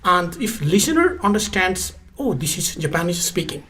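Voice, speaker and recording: A man's voice: sits high, very animated, moderate pace, a bit bright, slight background noise. A man from Nepal with a Nepali accent, a guest English test teacher explaining emphatically, repeating his points and spelling words out letter by letter. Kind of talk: explanatory interview talk.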